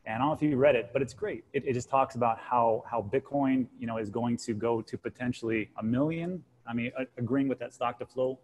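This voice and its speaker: A man in his forties chatting casually on a panel show as a guest co-host, telling stories in a lively way and acting out what others said. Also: medium pitch, brisk, few pauses, a little hiss or hum, rough recording. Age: 40s. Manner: animated storyteller, acts out quotes. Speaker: guest co-host, crypto channel host.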